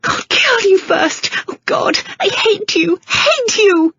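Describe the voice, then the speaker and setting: A woman voicing a frantic, terrified young woman who shrieks and sobs in a high voice. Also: expressive, slow pace, fairly bright tone, no room sound, lo-fi sound, exaggerated voice. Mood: hysterical.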